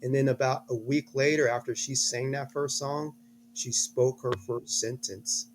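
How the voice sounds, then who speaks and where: A middle-aged man with a slightly hoarse voice, a guest telling a story earnestly in an interview, restarting his phrases as he goes. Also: medium pitch, fairly even intonation, unhurried, a little hiss or hum. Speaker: guest, a father.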